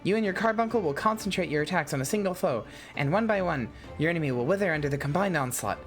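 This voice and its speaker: A man's voice: on the high side, animated, quick pace, a bit bright, faint music behind, pitched above the performer's own voice. A man voicing a timid, stammering young woman tactician, reading game dialogue with many hesitant ums. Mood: nervous.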